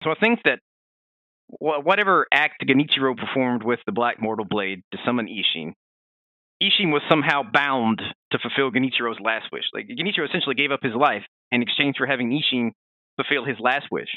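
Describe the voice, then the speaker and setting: A man co-hosting a casual podcast, chatting in an animated way with many fillers and restarts. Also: medium pitch, quick pace, dry recording, phone-quality sound. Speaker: podcast co-host.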